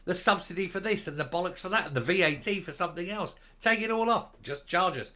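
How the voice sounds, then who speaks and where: A man's voice: high-pitched, expressive, fairly quick, few pauses, sharp tone. An older man giving an indignant, sarcastic political rant, blunt and crude. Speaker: political commentator. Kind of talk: ranting online commentary.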